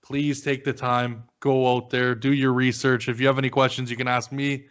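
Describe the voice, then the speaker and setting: A man's voice: mid-range voice, little pitch movement, moderate pace, clean tone. Chatty man hosting a podcast. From Canada. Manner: chatty, swears casually, laughs while telling stories. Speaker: podcast host. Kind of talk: casual podcast chat.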